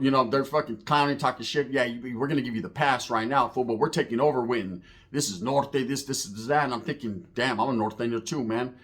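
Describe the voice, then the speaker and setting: A man's voice: medium pitch, a bit bright. Middle-aged guy telling a story to the camera, street slang, lots of cussing, keeps saying "right?", acts out the other people.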